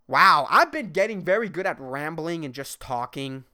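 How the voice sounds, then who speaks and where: Animated, profane podcaster. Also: male voice, on the high side, moderate pace, hardly any pauses, smooth. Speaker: podcast host. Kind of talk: solo rambling podcast monologue.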